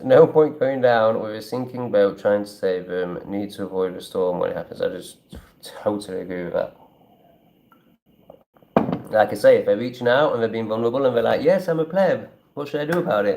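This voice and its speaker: A man's voice: lowish voice, gravelly, darkish tone. A man talks in a rambling, blunt way and swears freely while chatting on a casual livestream and reading out viewer comments. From England. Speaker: travel vlogger.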